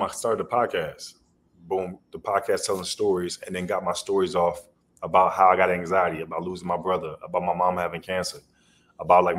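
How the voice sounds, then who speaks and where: Deep-voiced man telling loose stories. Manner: loose, rambling storyteller with slang. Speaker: podcast guest, comedian. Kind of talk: casual storytelling interview.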